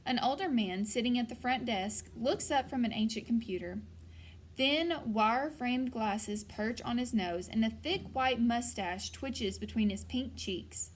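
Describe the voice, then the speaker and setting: A woman narrating a first-person audiobook in an even, storytelling manner. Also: on the high side, a little slow, a little hiss or hum.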